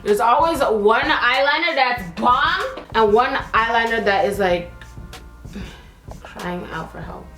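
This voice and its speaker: Young woman doing makeup and telling a story, mad slangy, kinda high voice, faint music underneath. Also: slow. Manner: animated, slangy, acts out quotes. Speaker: beauty vlogger. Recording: roomy echo, faint music.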